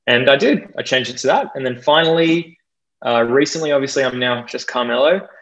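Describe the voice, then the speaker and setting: Australian guy in his twenties, relaxed podcast guest, loose and filler-heavy, mid-range voice, a bit dull on the recording. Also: medium pitch, normal speed. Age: young adult. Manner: chatty, self-deprecating, laughs often, many fillers. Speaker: guest DJ and producer. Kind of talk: casual interview chat.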